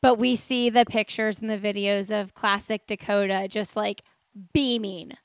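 A woman's voice: medium pitch, fairly even intonation, normal speed, smooth, no echo. A woman hosting a podcast interview, asking encouraging questions. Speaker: podcast host.

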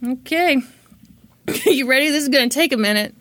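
A woman's voice: high-pitched, animated, normal speed, a bit bright. A woman hosting a podcast, telling a true-crime case in a chatty, dramatic way and swearing freely. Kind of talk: casual storytelling.

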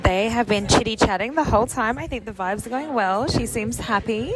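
A woman co-hosting a podcast, talking in a gossipy, animated way with quick asides. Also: fairly high pitch, over loud music. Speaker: podcast co-host. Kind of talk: casual chat.

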